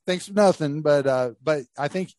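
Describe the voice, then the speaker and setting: A man hosting a casual podcast, telling a story with lively acted-out quotes. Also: on the high side, moderate pace, no echo, clean studio sound. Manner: animated storyteller acting out quotes. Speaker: podcast host.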